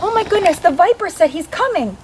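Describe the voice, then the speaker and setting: A woman telling a ghost story and voicing a frightened little girl in a high, panicky voice. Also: animated, fairly quick, darkish tone, slight background noise. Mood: scared.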